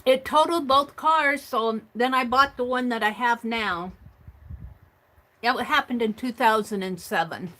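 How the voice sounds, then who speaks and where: A slightly high, bright, forceful female voice at a measured pace leads a casual crafting livestream. She chats, talks to herself, reads viewer comments aloud, and laughs easily, with frequent restarts and fillers.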